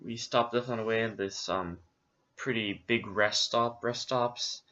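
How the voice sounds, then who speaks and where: Man, casual travel recap, rambling and relaxed, bright tone, muffled lo-fi audio. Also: on the low side, unhurried. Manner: relaxed, rambling with many fillers. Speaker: co-host recapping a trip.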